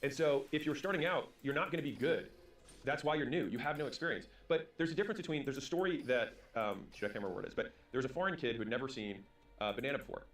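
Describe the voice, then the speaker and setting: A man in his thirties giving a motivational storytelling talk, acting out quick bits of dialogue. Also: mid-range voice, a bit bright, recorded from a distance. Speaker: business and sales speaker. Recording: roomy sound from away from the mic.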